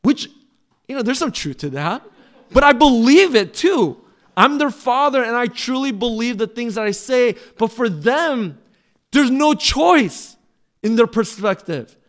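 A middle-aged man, a pastor, preaching a sermon in an earnest, pleading way that swells louder on key phrases. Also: very animated, measured pace. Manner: drops to a soft, low close in prayer.

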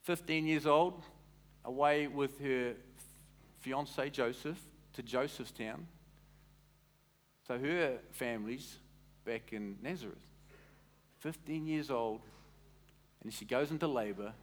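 A man preaching a sermon as a pastor, in an animated, conversational way that quizzes the congregation. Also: medium pitch, takes it slowly, long pauses.

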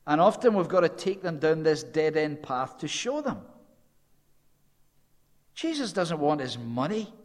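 A fairly high-voiced man delivers a sermon with lively storytelling. He dips to a low, hushed tone for quoted lines. His voice carries a long reverb from a large hall. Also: unhurried, long pauses. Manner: animated storytelling, dropping low and quiet for quoted speech. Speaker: preacher.

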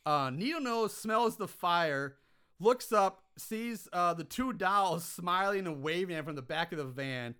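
A man casually recapping a film's plot on a podcast, animated and exasperated by the plot holes. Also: high-pitched, measured pace, clear, resonant tone. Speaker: podcast co-host recapping a film.

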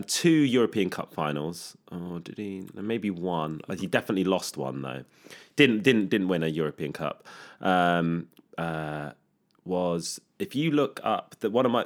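Man, very low voice, podcast host, casual banter, laughs a lot. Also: lively intonation, normal speed. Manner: jokey, rambling, laughs often. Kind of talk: casual football chat.

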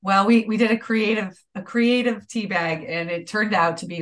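A woman in her fifties, a podcast guest, speaking in a thoughtful, unhurried way. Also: medium pitch, a bit bright. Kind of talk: casual podcast chat.

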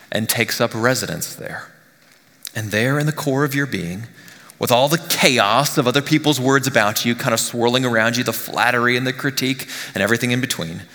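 A male pastor giving a conversational sermon, often dropping to a hushed near-whisper on key lines. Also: medium pitch, big-room sound. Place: church sanctuary.

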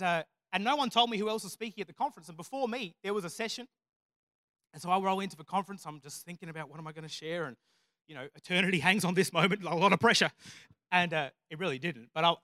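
A man's voice: high voice, pushed and bright, no echo, studio quality. A man preaching a sermon, telling stories with self-deprecating humor and building to emphatic, repeated declarations. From Australia.

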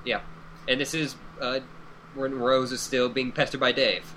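A man's voice: mid-range voice, little pitch movement, moderate pace, pushed and bright, slight background noise, rough recording. Hesitant man explaining casually. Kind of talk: casual chat about a read-through.

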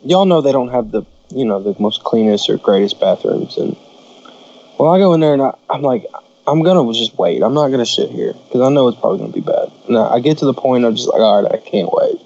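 A man's voice: mid-range voice, big pitch swings, fast talker, gravelly, a little mellow, dull audio. A man co-hosting a podcast, chatting casually with blunt, crude jokes. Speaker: podcast co-host. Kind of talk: casual chat.

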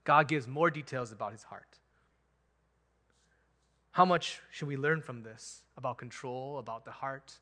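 A man preaching a sermon as pastor, animated and emphatic, chuckling now and then. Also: medium pitch, unhurried, long pauses.

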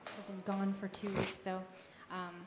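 A woman speaking casually to a church congregation, relaxed and chatty. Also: medium pitch, a little slow, very noisy.

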